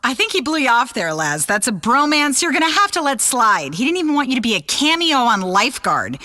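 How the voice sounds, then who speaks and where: A woman's voice: sits high, sing-song, a little fast, bright, forceful tone, exaggerated voice. An actress playing a sarcastic female talk radio co-host who scolds her partner in dry, disgusted remarks. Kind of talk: comedic talk radio banter.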